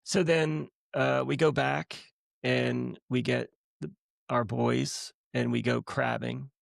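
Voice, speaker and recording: A middle-aged man with a deeply gravelly, fry-heavy voice tells a personal story in relaxed conversation. He talks casually on a podcast and throws himself into acting out what people said. The sound is dry and close. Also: slow pace, dry recording. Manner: lively storyteller who acts out quotes. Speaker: guest, the host's husband.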